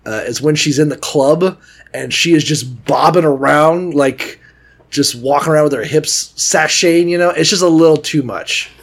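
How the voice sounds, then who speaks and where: A man's voice: a little high, normal speed. A man co-hosting a podcast in casual, rambling banter, often trailing off mid-thought and swearing freely. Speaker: podcast co-host.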